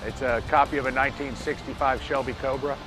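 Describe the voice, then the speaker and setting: A man's voice: mid-range voice, level tone, fast talker, music in the background. A man describing his car in a matter-of-fact way, listing its specs. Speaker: car owner. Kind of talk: casual explanation.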